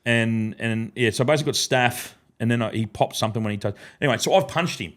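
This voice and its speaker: An Australian man with a medium-pitched, fairly bright voice talks fast as a guest in a podcast studio. A former ground announcer, he tells stories in a casual chat, swearing freely and acting out what other people said.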